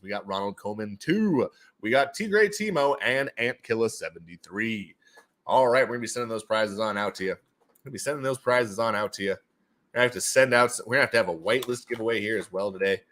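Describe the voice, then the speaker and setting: This livestream host giving away NFTs has a mid-range, fairly bright voice and speaks quickly and expressively. He chats casually, repeats himself, and throws in playful sound effects.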